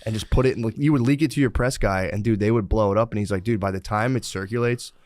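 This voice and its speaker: Fast-talking low-voiced man, casual chat. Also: no echo. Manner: quick, excitable, profane rambling about history. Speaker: podcast co-host.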